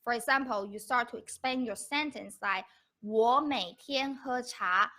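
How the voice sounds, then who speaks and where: A woman gives a live-streamed beginner lesson, patient and fond of repeating herself. Her voice sits a little high and sounds very bright and clear. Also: unhurried. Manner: patient, repeats key points, mixes English and Mandarin. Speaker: Mandarin teacher.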